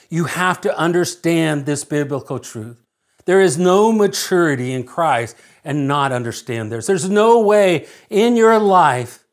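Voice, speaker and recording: A middle-aged man preaching with an earnest, repetitive delivery, his voice sitting a little high for a man. He leans on repeated phrases to drive points home and sinks almost to a hush when the story turns personal. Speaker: pastor. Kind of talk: sermon.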